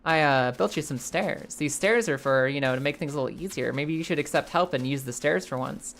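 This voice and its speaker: A woman voicing a folksy, helpful man who built some stairs, speaking slowly and coaxingly. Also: sits low, vocal fry, a little hiss or hum, pitched below the performer's own voice.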